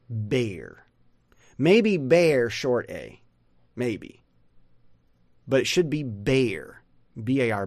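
A man giving a casual pronunciation lesson, rambling and sounding out words slowly. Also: medium pitch, no echo, clean studio sound. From United States. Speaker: pronunciation teacher.

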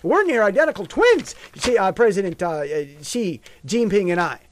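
Brief: boastful rambling male president, as a man mocks him, voice high and bouncy. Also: big pitch swings, moderate pace, a little hiss or hum. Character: boastful male president bragging about a friendship.

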